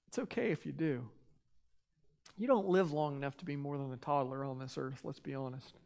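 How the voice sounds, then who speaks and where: Pastor guy preaching, fairly high voice, earnest, rises and drops in loudness, long hall echo. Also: normal speed, gravelly. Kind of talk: sermon with scripture reading.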